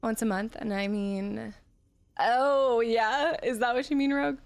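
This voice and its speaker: A woman's voice: on the high side, measured pace. Chatty woman streaming a game. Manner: chatty, reads and answers chat, animated. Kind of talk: casual live-stream chat while gaming.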